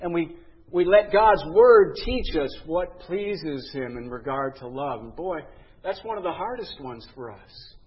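A man's voice: on the high side, animated, breathy edge, highs cut off. A man preaching a sermon in an earnest way, drawing out the words he wants to stress. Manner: earnest preaching, drawn-out emphasis on key words. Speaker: pastor.

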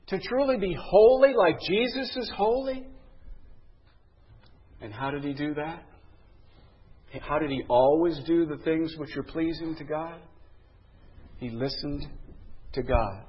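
A man's voice: on the high side, breathy edge, dull audio. A man preaching a sermon in an earnest way, drawing out the words he wants to stress. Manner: earnest preaching, drawn-out emphasis on key words. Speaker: pastor.

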